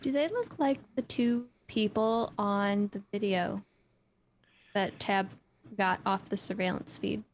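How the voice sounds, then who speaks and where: A woman's voice: medium pitch, takes it slowly, slight background noise. A woman playing a tabletop roleplaying game, talking casually in fragments and laughing often. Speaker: player.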